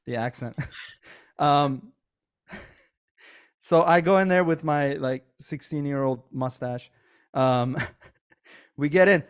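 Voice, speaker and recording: A man hosting a casual podcast, a comedian telling animated stories with lots of fillers and laughs. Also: a little high, slow pace, pauses often, clean tone.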